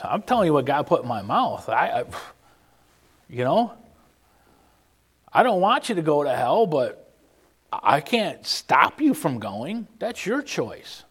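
A man preaching an informal sermon, earnest and emphatic, often restarting and pausing mid-thought. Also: on the high side, big pitch swings, husky. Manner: earnest, emphatic, with frequent restarts and halting pauses.

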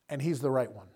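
A man's voice: mid-range voice, dark tone, husky. A man preaching a sermon in a casual, conversational way, often chuckling and acting out the people he quotes. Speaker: pastor.

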